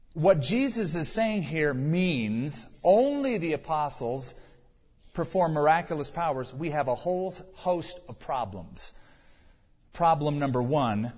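A man's voice: darkish tone, slightly rough. A man preaching a sermon, working through numbered points with rhetorical questions and sudden bursts of emphasis. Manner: sudden rises in pitch and volume for emphasis. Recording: long hall reverb, dull lo-fi sound.

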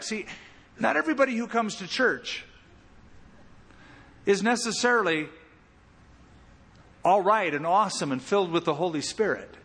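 Animated male pastor in a reverberant hall. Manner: animated, with big swings in pitch and loudness. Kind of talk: expository sermon.

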